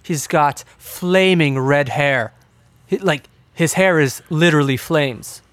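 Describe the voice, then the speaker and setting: Man doing an eccentric inventor who stammers and fusses; slightly higher voice, dry mic. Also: takes it slowly, a bit bright, no echo. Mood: eager. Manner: stammering, fussy.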